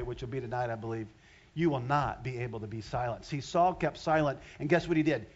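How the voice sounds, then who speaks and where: A man preaching a sermon as a pastor, animated, swinging between loud exclamations and hushed asides. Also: mid-range voice, dull audio.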